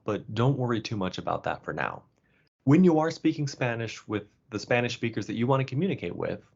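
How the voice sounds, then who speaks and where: A man explaining pronunciation as a course instructor, in a relaxed, casual way. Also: fairly low pitch. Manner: casual, with fillers and restarts. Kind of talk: explanatory lesson narration. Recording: dull lo-fi sound.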